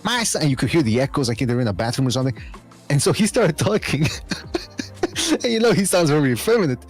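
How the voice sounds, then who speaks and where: A man co-hosting a podcast in casual chat, telling stories in an animated way and laughing often. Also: medium pitch, fast, soft background music. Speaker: podcast co-host.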